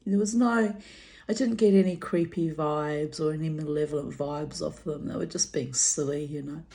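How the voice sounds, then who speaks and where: A woman's voice: low voice, steady tone, normal speed, creaky, dark tone. Chatty older woman telling stories. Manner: chatty, laughs often, lots of fillers. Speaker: vlogger. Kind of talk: rambling personal storytelling.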